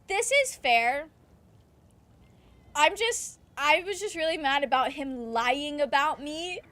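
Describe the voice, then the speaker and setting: She's a young woman with a high, somewhat bright voice, casually chatting while streaming a game. She reads chat aloud, laughs frequently, and rants with plenty of swearing.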